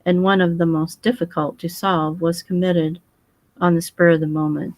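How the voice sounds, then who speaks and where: A woman voicing a precise, fussy foreign male detective who speaks in formal, measured phrases. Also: on the low side, little pitch movement, natural voice.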